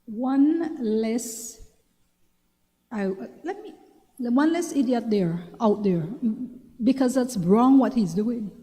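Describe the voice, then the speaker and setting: A woman's voice: fairly high pitch, takes it slowly, mellow. A woman with a Belizean accent hosting a talk show, giving casual advice in a chatty way, often repeating herself and asking if you understand. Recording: long reverberant room sound.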